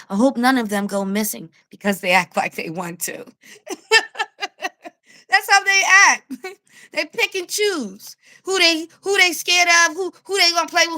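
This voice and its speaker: A woman with a New York accent ranting to camera as a street vlogger, animated and blunt, laughing as she tells her story. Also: high voice. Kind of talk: casual rant to camera.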